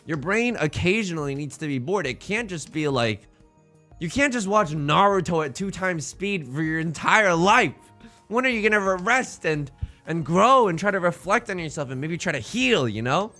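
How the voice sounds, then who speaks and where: A man's voice: sits high, lively intonation, moderate pace, bright, forceful tone, faint music behind. A man hosting a gaming video, chatting casually with joking, rambling asides, his voice a bit strained. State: voice strained from singing. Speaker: let's play host.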